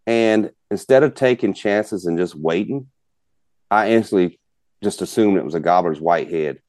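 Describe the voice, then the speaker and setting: A man's voice: low-pitched, moderate pace, darkish tone, dry recording. A man spins a long, folksy hunting story. He rambles and fills with "you know", and the sound is close and dry. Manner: folksy, rambling, many fillers. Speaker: guest hunter. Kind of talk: casual storytelling.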